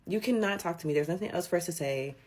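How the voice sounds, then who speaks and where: A woman telling a personal story in an indignant, animated rant with swearing. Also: lowish voice, quick pace.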